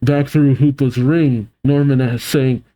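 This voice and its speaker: A man reading a comic aloud and reacting to it, animated, laughing often and voicing the characters. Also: mid-range voice, unhurried.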